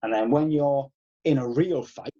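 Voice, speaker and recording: Guy in his 30s, husky mellow voice, swears a lot, dull lo-fi call audio. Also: medium pitch, a little slow. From Wales. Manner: animated, swears freely, acts out past exchanges. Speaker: guest, karate instructor. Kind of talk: casual podcast storytelling.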